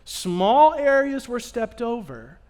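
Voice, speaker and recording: A male pastor preaching a sermon, telling stories with animation and swinging from loud bursts to hushed asides. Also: very high-pitched, sing-song, slow, smooth. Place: church sanctuary.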